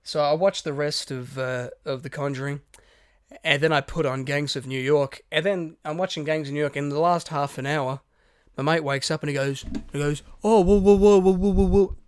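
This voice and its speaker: A man, co-hosting a podcast, telling a story in lively casual chat, swearing and acting out quotes. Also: a little high, moderate pace, clear, resonant tone, no room sound, clean studio sound. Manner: animated storyteller, swears a lot, acts out quotes. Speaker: podcast co-host.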